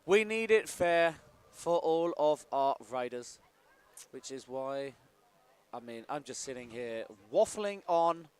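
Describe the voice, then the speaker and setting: A man's voice: on the high side, lively intonation, slow pace, smooth. A man doing casual, jokey live-stream commentary at a sports event, bantering and laughing with his co-host.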